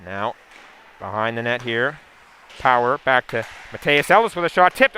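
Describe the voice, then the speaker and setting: A man giving a steady, running play-by-play call of a hockey game, with asides and sponsor plugs. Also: medium pitch, moderate pace, slight background noise. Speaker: play-by-play commentator. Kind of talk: live hockey play-by-play commentary.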